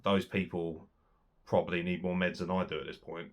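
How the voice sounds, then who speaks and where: A young man giving a sweary, sarcastic solo wrestling review, swinging between loud outbursts and muttered asides. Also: low-pitched, flat delivery, normal speed.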